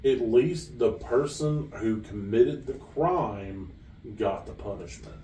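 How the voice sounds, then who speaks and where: A man's voice: mid-range voice, slow pace, mellow. A man co-hosting a podcast, chatting casually with dry, wry reactions. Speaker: podcast co-host. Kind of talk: casual chat. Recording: roomy echo, mic far off, faint room noise.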